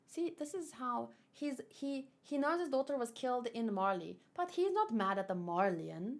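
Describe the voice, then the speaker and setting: Brief: young female read-along host, chatty and exclamatory, higher voice. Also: expressive, normal speed, few pauses. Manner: chatty, exclamatory, loose asides. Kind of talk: casual comic read-along commentary.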